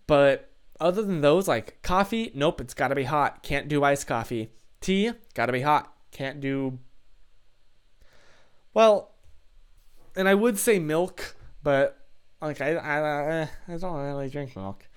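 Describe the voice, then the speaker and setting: A young man live-streams from his room, chatting casually with viewers and reading their live chat, rambling in a self-deprecating way and laughing often. His voice is a little high, clear and resonant, and he talks slowly with frequent pauses.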